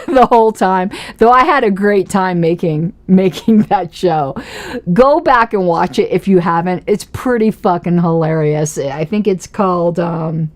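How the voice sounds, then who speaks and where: A woman's voice: fairly low pitch, measured pace. A woman hosting a casual political commentary livestream, chatty and self-mocking, often laughing as she talks.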